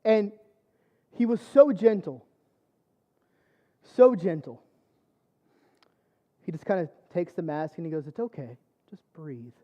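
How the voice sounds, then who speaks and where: A man's voice: high-pitched, lively intonation, slow, pauses often, mellow, highs cut off. A man preaching a personal testimony sermon, telling his story conversationally with lots of fillers. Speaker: church speaker.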